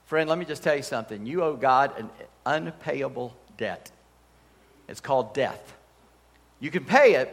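A man preaching a sermon in a church hall, telling stories with emphatic energy and humorous asides. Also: on the high side. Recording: long hall reverb.

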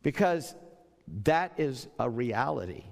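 A man's voice: mid-range voice, expressive, takes it slowly, creaky. A middle-aged man preaching a sermon in a conversational way, often repeating words and acting out the speech he quotes. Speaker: pastor. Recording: long hall reverb.

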